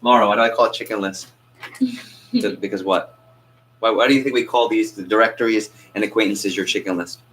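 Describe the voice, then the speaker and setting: Male sales coach, low-pitched, lively with the group, light background hiss. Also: brisk, rough recording. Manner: energetic, asks the group questions and acts out phone calls. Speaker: sales trainer. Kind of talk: coaching a training class.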